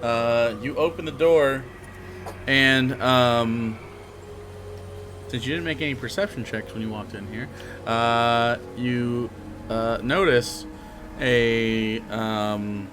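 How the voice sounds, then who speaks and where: A man running a tabletop game as game master, describing scenes slowly with many fillers. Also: medium pitch, music in the background.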